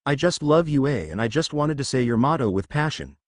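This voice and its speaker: A man voicing an overly excited, eager teenage boy who exclaims everything, in a storybook reading. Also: medium pitch, fairly quick, no echo, clean studio sound, natural voice.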